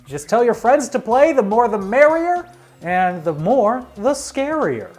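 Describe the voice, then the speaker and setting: A man's voice: very high-pitched, sing-song, unhurried, a little mellow, faint music behind. A man hosting a live trivia show, reading out answers with jokey, sarcastic asides. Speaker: trivia game host.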